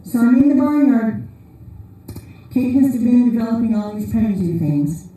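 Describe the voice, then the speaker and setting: Heard from afar in a very reverberant hall, this conference speaker preaches informally, wandering through humorous anecdotes. She talks at normal speed in a slightly high, warm voice.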